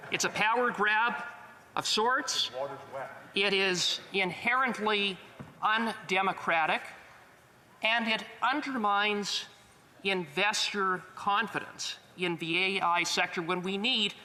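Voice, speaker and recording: A man delivers a formal, emphatic speech to a legislative chamber. His voice sits a little high and rings bright and forceful. The recording carries the long reverb of a large hall. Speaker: member of parliament.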